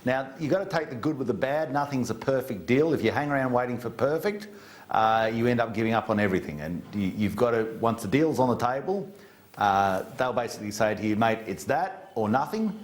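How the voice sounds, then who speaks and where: Aussie bloke being interviewed, blunt and folksy, average pitch. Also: male voice, lively intonation, brisk. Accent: Australian. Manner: blunt, folksy, plain-spoken. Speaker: government minister as interview guest. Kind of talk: interview down a remote studio link.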